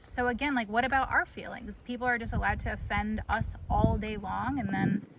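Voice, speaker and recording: Indignant woman, fairly high voice. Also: steady tone, fairly quick, a little hiss or hum. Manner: indignant, sarcastic. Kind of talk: casual chat.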